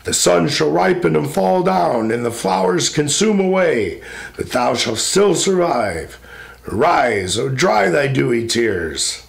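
A man reciting the lines of a gentle, consoling male spirit in a poetry recitation, reassuring and measured. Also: a little high, big pitch swings, vocal fry, heavily acted.

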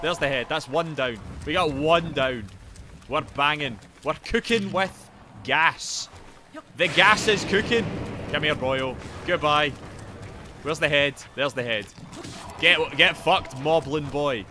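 A young man with a Geordie accent streaming a video game live, swearing, yelling and shouting out to his chat. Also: a little high, a little slow, background noise. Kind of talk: live gameplay commentary.

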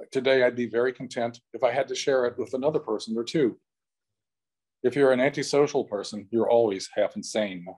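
A man reading his own translation of a novel aloud at a live event, measured and thoughtful, with brief asides to the audience. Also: mid-range voice, darkish tone. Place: small venue in front of an audience.

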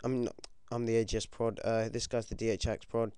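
Brit teen lad commentating his game, swears loads, gets yelpy, smooth voice, dry close mic. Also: fairly low pitch, a little fast, no echo. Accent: British. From United Kingdom. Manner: excitable, swears a lot, yelps when things go wrong. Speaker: gaming commentator.

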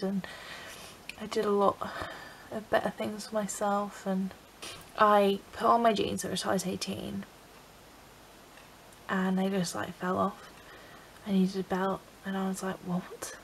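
A woman's voice: medium pitch, creaky, slight background noise, low-quality recording. A young woman from England talking emotionally in a confessional vlog, tearful and filling her talk with "like". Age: young adult. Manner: emotional, tearful, frequent "like" fillers. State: crying. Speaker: vlogger.

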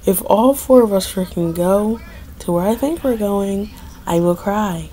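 A woman's voice: mid-range voice, measured pace, dark tone. A young woman giving casual gameplay commentary, dramatic and pleading, complaining that luck is against her. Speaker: gaming video creator.

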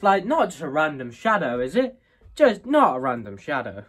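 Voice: medium pitch, very animated, moderate pace, a bit bright. A speaker giving casual, rambling and scoffing commentary while reacting to a video.

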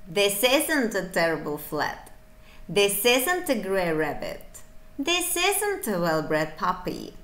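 A woman's voice: mid-range voice, very animated, takes it slowly, fairly bright tone, echoey room. A woman teaching a beginner English lesson, encouraging and playful, breaking into little asides. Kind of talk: online language lesson.

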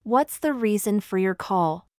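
Smooth woman reading practice phrases. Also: medium pitch, animated, unhurried, darkish tone, no room sound, clean studio sound. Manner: repeats each phrase twice, evenly. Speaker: English phrase speaker. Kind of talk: slow, clear phrase reading for learners.

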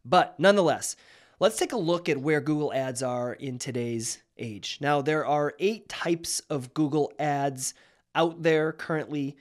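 A man who founded a marketing agency, hosting a conversational explainer, sounding nasal and a little raspy after being sick. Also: mid-range voice. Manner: energetic, conversational, with fillers. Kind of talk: direct-to-camera explainer.

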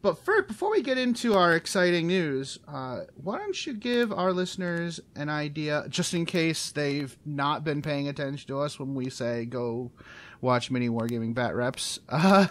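A man hosts a podcast interview, talking in a fairly high voice. He is enthusiastic and rambling, stumbling through restarts and laughing often as he chats. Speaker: podcast host. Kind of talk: casual interview chat.

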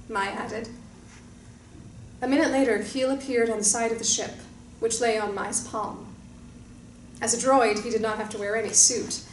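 A woman reading a short story aloud in a calm, measured storytelling manner. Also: fairly high pitch. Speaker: narrator. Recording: roomy distant mic with faint hiss.

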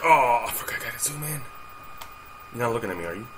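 A man's voice: mid-range voice, expressive, fast, slight background noise. A young man commenting on a horror game as he plays, nervous and jumpy, swearing often. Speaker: gaming youtuber. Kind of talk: let's play commentary.

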